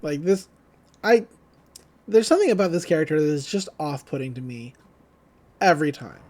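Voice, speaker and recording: High-voiced man recapping an anime. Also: expressive, moderate pace, darkish tone. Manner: retells scenes, quoting characters in loose paraphrase. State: just woke up. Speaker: podcast co-host. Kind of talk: casual anime recap chat.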